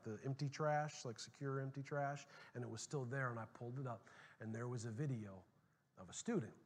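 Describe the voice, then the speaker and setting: A middle-aged man preaching a sermon as pastor, telling a story animatedly, dropping to a hush and then rising loud. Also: medium pitch, breathy edge. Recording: long hall reverb.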